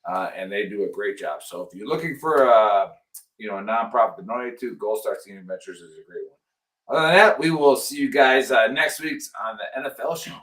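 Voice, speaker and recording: A man's voice: on the low side, animated, a little fast, fairly bright tone. Earnest man pleading with listeners. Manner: earnest, pleading, repeats himself for emphasis. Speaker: podcast host. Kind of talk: casual chat.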